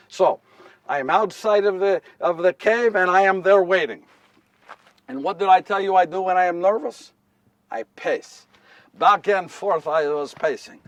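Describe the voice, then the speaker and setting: A man's voice: sits high, no room sound, recorded from a distance, close to an everyday voice. A man playing young nervous Joseph. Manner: repetitive, wry storytelling with self-corrections. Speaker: solo stage performer. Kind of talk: first-person dramatic monologue. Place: live stage before an audience.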